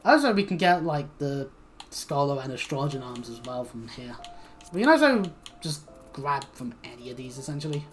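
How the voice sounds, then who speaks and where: A woman's voice: a bass voice, very animated, moderate pace. Woman streamer rambling through gameplay, lots of ums, trails off, faint music behind. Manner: rambling, filler-heavy, trails off quietly. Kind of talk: casual gameplay commentary.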